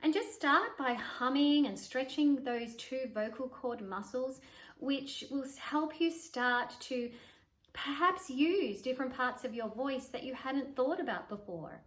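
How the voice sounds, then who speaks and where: A woman voice coach giving an instructional talk to camera, demonstrating vocal exercises by shifting her pitch and volume. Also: animated, unhurried, fairly bright tone. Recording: roomy echo.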